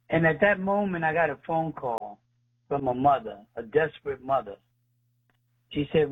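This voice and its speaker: Speaking at normal speed in a mid-range, breathy voice, a man gives his faith testimony as a guest ministry leader over a tinny phone line. He's earnest and retells the dialogue by voicing each speaker.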